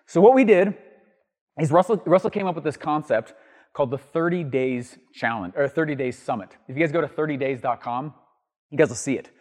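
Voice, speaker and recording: A man with a somewhat high voice teaches marketing to his listeners, swinging between loud, rising bursts and low, muttered asides. His voice rings out with a long reverb, as if from a large hall. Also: brisk. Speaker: marketing podcast host. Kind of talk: energetic teaching monologue.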